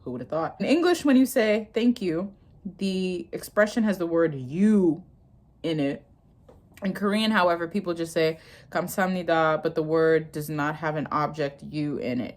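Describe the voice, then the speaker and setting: A young woman vlogger with a somewhat low voice talks through a language lesson. She reads the textbook aloud, swears freely and breaks into laughter often. She comes across as casual and chatty. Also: a little fast. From United States. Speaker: vlogger learning Korean. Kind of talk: casual study vlog.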